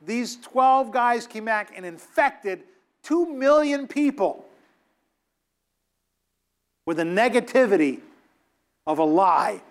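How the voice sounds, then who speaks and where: A man with a notably high voice delivers a sermon in an emphatic, exhorting way. He scolds his listeners and acts out the voices of the people he quotes. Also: expressive, slow pace, long pauses. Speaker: preacher.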